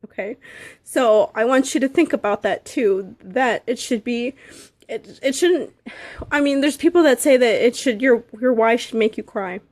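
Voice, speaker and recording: Woman in her thirties, high voice, dry close sound, earnest motivational team talk, halting. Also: darkish tone, no room sound. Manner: earnest, halting, gets emotional. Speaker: direct sales seller.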